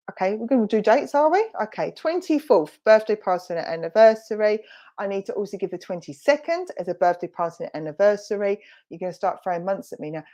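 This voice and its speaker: Heard over a video call in an online church service, a woman from Romford, Essex works as a spiritualist medium. Her voice is on the low side and mellow, and she talks in a chatty, reassuring way, packed with fillers and quick self-corrections.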